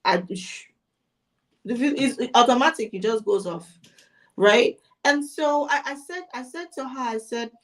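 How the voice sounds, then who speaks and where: Woman business coach, casual talk, animated storyteller, voice on the high side. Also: unhurried. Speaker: marketing coach. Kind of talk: casual conversation.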